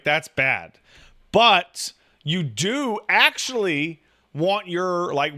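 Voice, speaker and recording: Thirtysomething guy just chatting, swears a lot, says like constantly, bright kinda high voice. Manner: profane, animated storytelling with lots of "like". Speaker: podcast talker, new father. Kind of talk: casual chat.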